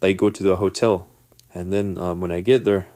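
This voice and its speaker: A man whose first language is not English, telling a personal story to camera in a casual, animated way and acting out the people in it. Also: deep voice, moderate pace, no room sound.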